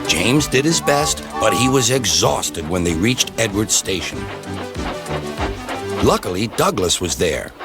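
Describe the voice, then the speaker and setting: A man narrating a children's storybook, expressive and measured. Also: lowish voice. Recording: music playing underneath.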